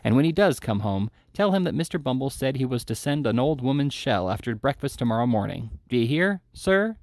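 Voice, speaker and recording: A pompous, stern parish beadle of middle years who thunders his disapproval, as a man reads him aloud. The voice is gravelly and dry, with moralising indignation. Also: medium pitch, very animated, a little fast, no room sound.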